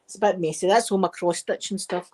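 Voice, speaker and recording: Casting note: middle-aged Scottish woman, soft chatty ASMR host, meandering storyteller. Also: lowish voice, fairly even intonation, fast talker. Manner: chatty and rambling, with frequent wee and laughter. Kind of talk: soft-spoken casual chat.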